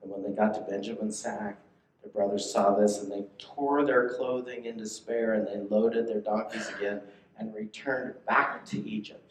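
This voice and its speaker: A man's voice: on the low side, little pitch movement, normal speed, a little hiss or hum. A male pastor giving a conversational sermon, reading and explaining scripture and checking in with listeners. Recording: echoey room.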